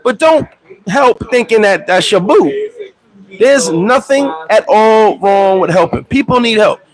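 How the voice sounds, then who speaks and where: A man hosts a casual live chat in an expressive, unhurried voice, telling loose, profane, slang-heavy stories. He acts out quoted voices with high pitch swings and addresses viewers and friends by name.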